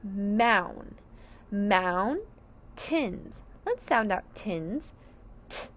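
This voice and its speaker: A woman's voice: on the high side, animated, slow, creaky. A woman teaching a phonics lesson to young children, sounding out each word syllable by syllable with careful enunciation.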